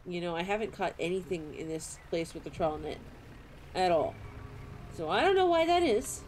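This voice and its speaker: A young adult woman streaming a game, chatting playfully with viewers, giggling and squealing as her pitch swoops up and down. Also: lively intonation, normal speed, a little mellow, slight background noise. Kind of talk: casual live-stream game commentary.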